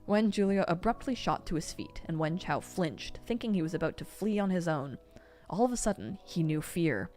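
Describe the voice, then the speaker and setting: A woman reads a novel aloud to her stream in a lowish voice, expressive and lively in her delivery. Faint music sits under her reading. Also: normal speed. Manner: expressive reading, breaks into laughter.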